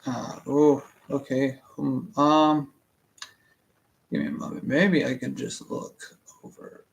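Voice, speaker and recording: A man's voice: medium pitch, steady tone, slow pace, gravelly. A young man hosting a casual book reading stream, rambling and stammering with many fillers and restarts. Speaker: book reading channel host. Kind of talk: casual rambling livestream chat.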